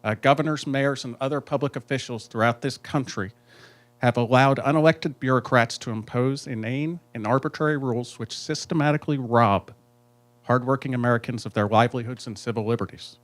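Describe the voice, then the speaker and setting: A man's voice: mid-range voice, a little fast. Man reading prepared questions at a panel. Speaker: panel moderator asking questions.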